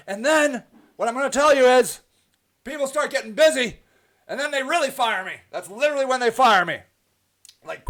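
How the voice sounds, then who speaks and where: A host talking in a casual monologue, brash and animated, swearing freely and acting out other people's voices. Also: female voice, fairly high pitch, brisk.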